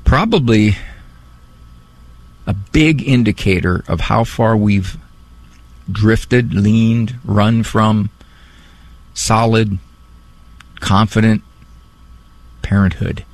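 A man hosting a radio call-in show, talking in a wry, musing way with drawn-out phrasing, close on a studio mic. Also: fairly low pitch, dry recording. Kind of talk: conversational radio talk. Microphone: studio microphone.

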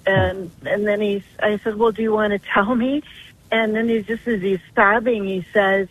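A woman's voice: mid-range voice, steady tone, normal speed. An older woman calling in to a radio show, telling a long story in an earnest, rambling way. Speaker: caller. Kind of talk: phone-in radio call. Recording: tinny phone line.

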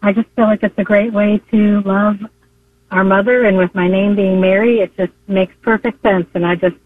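Female caller, earnest, a little halting, tinny phone audio. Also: medium pitch, steady tone, dry recording. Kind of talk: phone-in call to a radio show. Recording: tinny phone line, dry.

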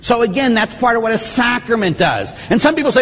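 A middle-aged Catholic priest giving a conversational teaching on confession, acting out what penitents say in a lively, plain-spoken way. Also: male voice, extremely high pitch, quick pace, long reverb tail, slight background noise.

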